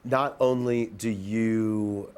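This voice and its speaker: A man's voice: lowish voice, steady tone, drawn-out words, a crowd in the background. A man hosting a talk show, asking questions in a casual, effusive, gushing way. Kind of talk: casual interview.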